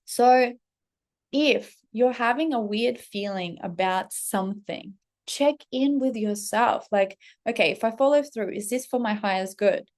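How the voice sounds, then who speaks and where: A woman's voice: on the high side, measured pace. Candid, chatty woman swearing freely. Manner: animated, slips into acted quotes of herself and others. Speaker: spiritual coach and channel host. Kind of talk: casual unscripted monologue to camera.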